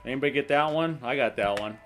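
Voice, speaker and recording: A man's voice: mid-range voice, quick pace, faint music behind. A man hosting a casual livestream, reading a list aloud, laughing often and chatting with viewers. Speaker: livestream host in recovery.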